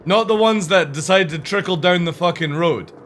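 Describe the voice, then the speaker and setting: Streaming a game, a young man from Scotland talks to his viewers in a high-pitched, fairly bright voice at an ordinary pace, over a faint hiss or hum. His casual chat is blunt and full of swearing, and he hums and thinks out loud as he goes.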